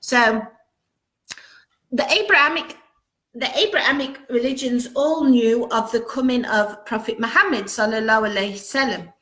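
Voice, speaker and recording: Bright-voiced woman hosting a live chat. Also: a little high, normal speed. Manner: greets viewers one by one, reading out comments. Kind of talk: casual live-stream chat. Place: home. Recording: roomy echo.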